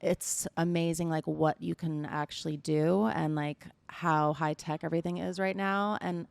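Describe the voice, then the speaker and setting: A woman's voice: low-pitched, fairly even intonation, normal speed, vocal fry, smooth, no echo. A woman appearing as a guest on a podcast, talking in a drawling, laid-back, casual way.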